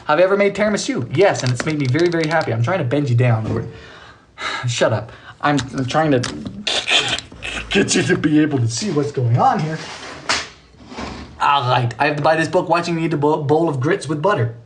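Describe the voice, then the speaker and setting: A man's voice: expressive, brisk, pauses often, a little hiss or hum. British male baking host, playful, theatrical, swings his voice all over while reading comments. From Britain. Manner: playful, theatrical, jumps between high and low voices. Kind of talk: casual live-stream chat reading comments. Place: home kitchen.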